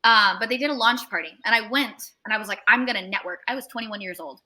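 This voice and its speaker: In a mid-range voice at a quick pace, a young woman who works as a tattoo artist spins a long story during a relaxed interview. She's animated, curses freely, and imitates the voices of others.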